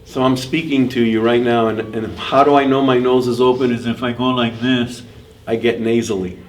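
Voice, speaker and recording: An older man giving a vocal workshop, demonstrating his technique by switching between nasal and clear tones. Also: mid-range voice, little pitch movement, normal speed. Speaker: mariachi vocal instructor. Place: school room during workshop. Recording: distant mic with faint room noise.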